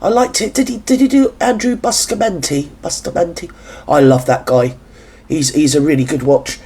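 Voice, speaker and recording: Husky gossipy man hosting reactions. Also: on the high side, darkish tone. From England. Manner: camp, gossipy, sarcastic asides. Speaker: reaction video host. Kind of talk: chatty commentary over a clip.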